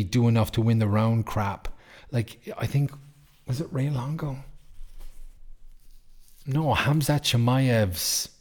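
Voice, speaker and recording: A podcast host chats casually, sharing his opinions bluntly and launching into rants laced with plenty of swearing. His voice is mid-range with a darkish tone.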